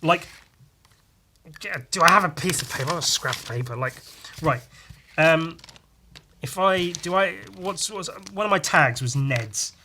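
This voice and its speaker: A man's voice: fairly high pitch, moderate pace, pauses often, bright, forceful tone, a little hiss or hum. Blunt, sweary man ranting casually. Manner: blunt and sweary, rambling with restarts. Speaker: podcast host. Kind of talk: casual opinionated monologue.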